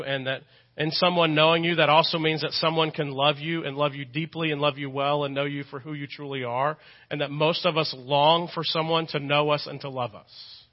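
A Texan man preaching from the pulpit in a fairly high, light voice. He talks in an earnest, conversational way and hammers his points home by repeating them. The recording sounds dull and lo-fi. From Texas. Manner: earnest, repeats phrases for emphasis; conversational, with self-deprecating asides. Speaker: pastor. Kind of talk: sermon. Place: church sanctuary.

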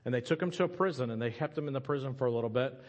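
A man's voice: medium pitch, racing, darkish tone. A middle-aged man, preaching a sermon as a pastor, telling a scripture story with humorous asides to the congregation.

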